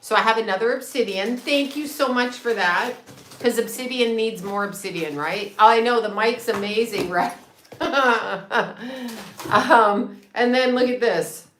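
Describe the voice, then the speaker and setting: A woman hosting a casual livestream from home, chatty and excitable, swearing freely and laughing often. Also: fairly high pitch, normal speed. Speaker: psychic medium and astrologer livestream host. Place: home room with a set. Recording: echoey room with faint noise.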